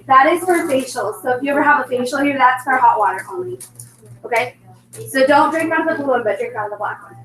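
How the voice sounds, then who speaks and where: A high-voiced woman runs a sales team meeting in a chatty, bubbly way, tossing in plenty of "like" and "um". She is heard from across the room. The room echoes around her. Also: fairly bright tone, distant mic. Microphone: recorded from across the room.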